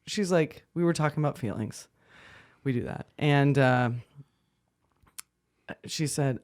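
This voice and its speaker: A middle-aged woman hosts a casual podcast chat in a wry, self-mocking way. She tells stories with plenty of laughter and quick asides. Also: a bass voice, a little mellow. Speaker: podcast host.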